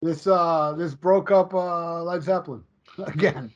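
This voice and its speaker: A man co-hosting a casual music podcast, jokey and quick to laugh, retelling anecdotes. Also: on the high side, steady tone, lo-fi sound. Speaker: podcast co-host reviewing an album. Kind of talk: casual chat.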